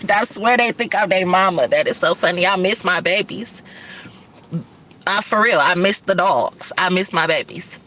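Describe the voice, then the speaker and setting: Middle-aged woman, rambling casual vlog talk, speeds up and swears freely, bright, forceful tone. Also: fairly low pitch, a little hiss or hum. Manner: fast-talking, profane, rambling. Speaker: vlogger and rideshare driver. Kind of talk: casual chat to camera.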